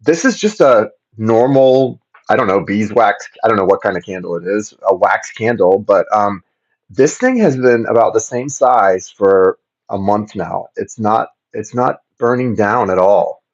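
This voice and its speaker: A man from Florida runs a casual tarot livestream from inside his home, chatting and rambling, repeating words often and greeting viewers by name. His voice is on the low side with lively intonation and a slightly slow delivery, and the livestream audio sounds slightly dull.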